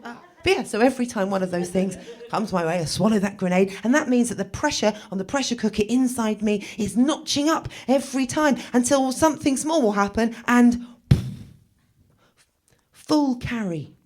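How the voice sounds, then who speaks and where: A woman, performing a stand-up set in a wry, dark, self-mocking way with sudden loud bursts. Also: fairly high pitch, normal speed. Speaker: stand-up comedian.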